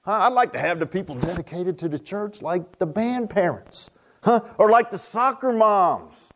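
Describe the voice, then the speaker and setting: An older man preaching a sermon in a folksy, animated way, repeating phrases for emphasis. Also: high-pitched, normal speed. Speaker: pastor.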